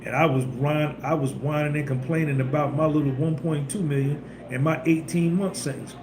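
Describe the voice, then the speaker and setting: This podcast host has a fairly high-pitched voice and keeps a moderate pace as he tells stories in a casual monologue. His style is blunt, emphatic and preachy street talk, recorded in an echoey room with faint hum behind him.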